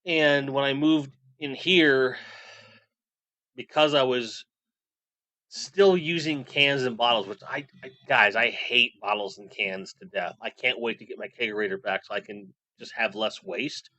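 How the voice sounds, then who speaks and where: Bright-voiced man in his forties streaming. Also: mid-range voice, unhurried, no echo. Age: 40s. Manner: reads chat aloud and rambles. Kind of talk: casual live stream chat.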